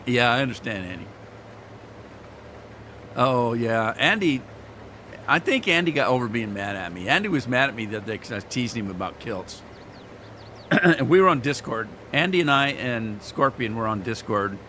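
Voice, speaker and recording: Man, gaming streamer, casual rambling chat, folksy, irritated throat, frequent throat-clearing, mid-pitched voice. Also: bright, forceful tone, slight background noise. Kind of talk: casual chat to live viewers while playing.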